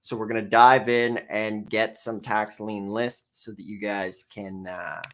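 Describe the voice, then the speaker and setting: A man's voice: fairly low pitch, little pitch movement, a little slow, fairly bright tone. A man hosting a live stream, introducing a screen-share lesson with casual, joking banter.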